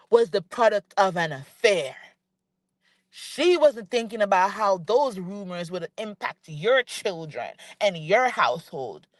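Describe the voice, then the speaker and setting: Speaking in a fairly high voice, this woman rants on her vlog as a reality TV commentator, talking straight to the person she's criticizing and hammering her points through repetition. The audio has no echo.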